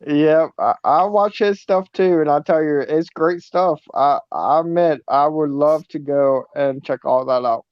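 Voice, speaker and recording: Man, slightly high voice, co-host, hesitant and eager, dull dry lo-fi sound. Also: unhurried, few pauses, clean tone, no echo. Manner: hesitant, restarting, enthusiastic. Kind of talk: casual chat.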